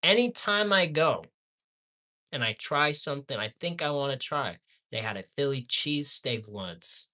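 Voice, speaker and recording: A man reviewing fast food in a profane rant, repeating insults and swinging between low muttering and loud yelling. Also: expressive.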